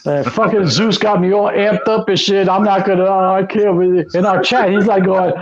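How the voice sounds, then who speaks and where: An excitable man with a high voice talks fast and loose on a podcast, swearing freely and acting out his own reactions as he retells things. The sound is dull and lo-fi. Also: crowd noise. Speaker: podcast co-host. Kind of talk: casual podcast chat.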